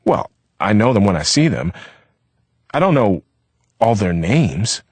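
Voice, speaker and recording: A man voicing an uneasy young man who answers in halting, evasive phrases. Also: lowish voice, very animated, slightly rough, no room sound, pitched above the performer's own voice, heavily acted. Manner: hesitant, halting.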